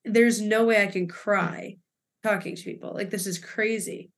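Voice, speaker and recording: A woman's voice: mid-range voice, fairly even intonation, moderate pace. Woman, 20s, podcast co-host; rambling, filler-heavy storyteller, emotional edge. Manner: rambling, filler-heavy retelling with quoted dialogue. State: emotional, near tears. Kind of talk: casual chat, storytelling.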